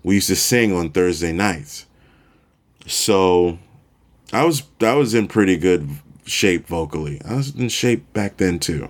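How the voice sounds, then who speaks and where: A man in his forties hosting a podcast, telling a story in a relaxed, self-deprecating way. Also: low-pitched, a little slow. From Chicago, USA. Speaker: podcast host. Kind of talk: casual storytelling monologue.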